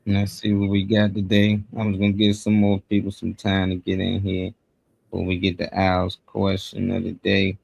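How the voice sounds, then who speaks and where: A man co-hosting a live morning show in a relaxed, slang-heavy casual chat. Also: deep voice, moderate pace, vocal fry, slightly rough, no echo. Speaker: co-host.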